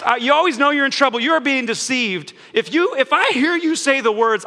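A man preaching as a pastor in a church, lively and conversational, laughing now and then. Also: very high-pitched, fairly quick. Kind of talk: sermon. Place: church sanctuary. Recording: long church hall reverb.

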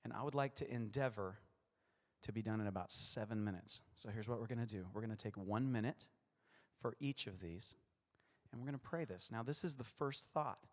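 A man's voice: on the low side, brisk, in a large hall. A male pastor preaching a playful sermon, acting out short voices in his stories.

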